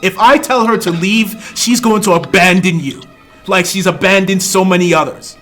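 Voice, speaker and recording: A man voicing a proud, hot-tempered horned female officer in a tabletop game, with a sharp, commanding delivery. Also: high voice, normal speed, soft background music. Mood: furious.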